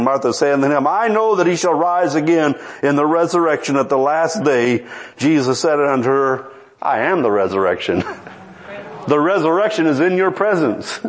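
A man preaching a sermon, telling scripture stories with dramatic swings and quoting the characters. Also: poor audio. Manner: animated storytelling with quoted voices; dramatic swings in pitch and pace.

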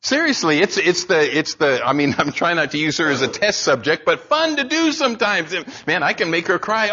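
A man preaching a sermon in an animated, conversational way, repeating lines for emphasis. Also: on the high side, fairly quick, few pauses, slightly rough, lo-fi sound. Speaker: pastor.

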